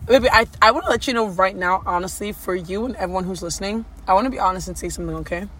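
A woman's voice: mid-range voice, rapid-fire, fairly bright tone, slight background noise. Chatty, teasing woman podcast host. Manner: chatty, teasing, rambling with many likes. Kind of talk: casual couple chat.

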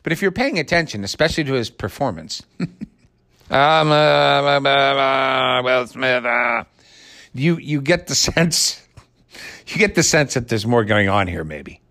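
A man's voice: mid-range voice, lively intonation, a little slow, sharp tone. A man giving a blunt, sarcastic film review monologue, firing rhetorical questions and answering them himself. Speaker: movie reviewer.

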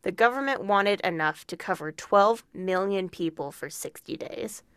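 A woman's voice: medium pitch, moderate pace, smooth, no room sound, studio quality. A woman co-hosting a podcast, reading prepared true crime narration with casual asides. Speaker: podcast co-host.

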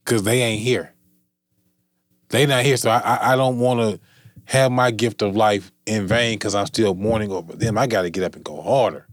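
A man in casual podcast chat, animated and profane, repeating himself. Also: fairly low pitch, normal speed, no echo, studio quality.

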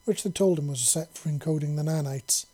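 A man's voice: fairly high pitch, a little fast, dark tone. A man reading a serialized story aloud in a casual, chatty way.

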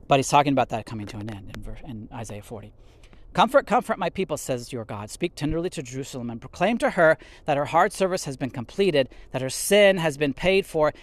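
A man with a somewhat high-pitched voice talks through a scripture passage in loose, rambling fashion, often restarting his sentences. His phrases tend to fade to near-murmurs. The sound is close and dry, with no room echo. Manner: trails off softly at phrase ends. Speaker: podcast host and teacher. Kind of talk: informal Bible teaching.

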